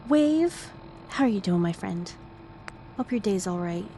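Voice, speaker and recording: A woman's voice: mid-range voice, expressive, measured pace, dark tone, a little hiss or hum. A young woman streamer chatting casually with her viewers, greeting them by name and often dropping to a whisper. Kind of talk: casual live-stream chat.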